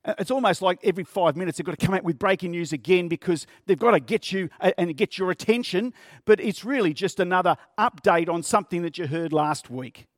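A man's voice: high voice, fairly quick, no echo, studio quality. A male pastor preaching a sermon in an earnest, conversational way, often repeating words and asking the congregation questions.

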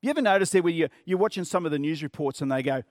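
Man, pastor, sermon, earnest conversational preaching, fairly high voice, dry close sound. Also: expressive, rapid-fire, no echo.

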